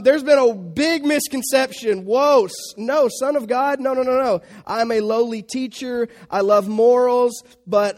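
A man's voice: high voice, darkish tone, in a large hall, voice pushed down, natural voice. A man voicing Jesus as a slangy, exasperated modern guy, talking in an over-casual, flustered way.

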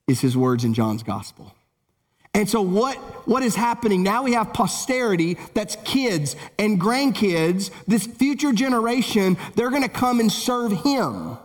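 A man preaching a sermon in a high, carrying voice, rising urgently and then dropping low and solemn. His words ring out with long reverb, as if in a large sanctuary. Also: big pitch swings, normal speed. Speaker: pastor.

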